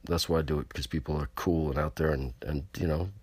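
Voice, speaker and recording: A man's voice: extremely low pitch, steady tone, quick pace, darkish tone, breathy edge, no echo. A man hosting a casual chat show from California, rambling, boastful and crude as he talks to his listeners. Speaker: show host. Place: on location.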